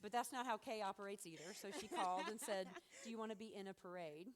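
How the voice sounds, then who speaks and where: A middle-aged woman telling a family story to an audience, animated and laughing often, acting out what others said. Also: medium pitch, fast talker.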